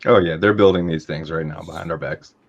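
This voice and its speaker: A man with a very low voice co-hosts a casual chat. He mostly drops in short reactions and quick remarks alongside the main presenter. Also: creaky, breathy edge, lo-fi sound. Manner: brief reacting interjections.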